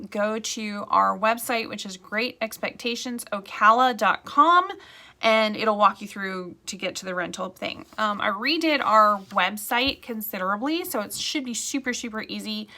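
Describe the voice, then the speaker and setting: A woman's voice: on the high side, sharp tone. A woman real estate agent talking casually to camera, chatty and rambling, with frequent asides.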